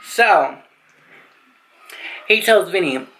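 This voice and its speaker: A young woman vlogger telling a storytime tale to camera in an animated, slangy, profane way. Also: on the low side, drawn-out words, rough recording. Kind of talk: storytime vlog.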